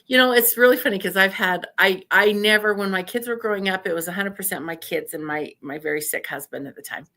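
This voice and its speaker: An older woman from Idaho with a bright, forceful voice, telling stories in an easy, chatty way. She acts out what people said to her and laughs often as she goes. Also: medium pitch, fast talker. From Idaho, USA. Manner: animated storyteller who laughs often and acts out quotes. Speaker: podcast guest. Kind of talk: casual storytelling interview.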